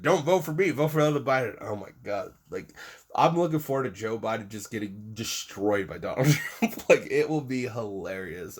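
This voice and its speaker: Profane, exasperated man ranting. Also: mid-range voice. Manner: profane, exasperated, mocking, swinging between shouting and muttering. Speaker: political commentator. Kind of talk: angry political rant.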